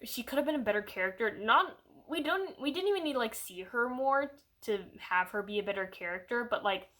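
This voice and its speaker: Her voice slightly high and a little fast, a young woman reviews a movie on her channel in a loose, rambling way. She's animated, leans heavily on "like" and other fillers, and puts on voices to quote characters.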